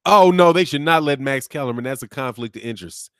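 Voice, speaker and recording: A man with a Midwest American accent hosts a boxing channel live stream, reacting to chat in an animated, mocking way, laughing often and tossing in "man" and "dog.". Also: medium pitch, fast, clear, resonant tone, no room sound, studio quality.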